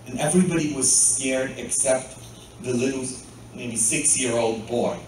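Priest preaching in an echoey church. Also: male voice, medium pitch, unhurried, a little mellow, a little hiss or hum. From Poland. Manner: asks the congregation frequent rhetorical "hmm?" questions. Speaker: pastor. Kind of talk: sermon. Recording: very echoey church, mic far off.

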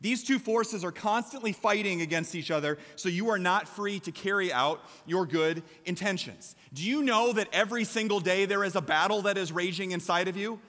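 A man with an American Midwestern accent preaching a lively sermon as a pastor, with emphatic bursts and shouts. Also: sits high, moderate pace, hardly any pauses. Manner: energetic, emphatic preaching with sudden loud shouts. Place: large church sanctuary. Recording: long hall reverb from a church.

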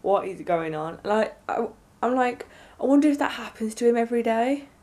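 A young woman vlogging, telling a story in an excited, rambling way with lots of fillers. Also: fairly high pitch, brisk. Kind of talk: casual storytelling to camera.

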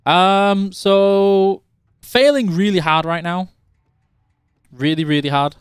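A man's voice: high-pitched, steady tone, takes it slowly, clear, resonant tone, no room sound, studio quality. Chatty male game streamer from Yorkshire. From Yorkshire, England. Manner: chatty, teasing, reads chat questions aloud. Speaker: game stream host answering chat. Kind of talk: casual live-stream chat while playing.

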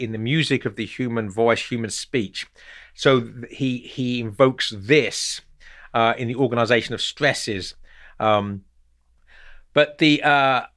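A man at a middle pitch talks through poetic meter off the cuff, stopping and restarting as he finds his words. His delivery is unscripted and explanatory, the manner of a host thinking aloud. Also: fairly bright tone. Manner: halting, thinking aloud, with many repeated words.

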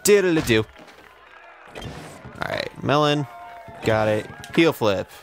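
A man's voice: on the low side, a little slow, fairly bright tone, soft background music, a faint crowd. A young man giving sarcastic, profane, self-mocking commentary while playing a video game. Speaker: let's play host. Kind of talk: casual gameplay commentary.

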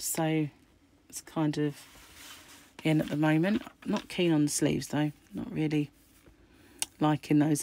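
Croaky low-voiced woman chatting. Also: mellow, a little hiss or hum. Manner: chatty, musing aloud while flicking through pages. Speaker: craft channel host. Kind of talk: casual magazine unboxing chat.

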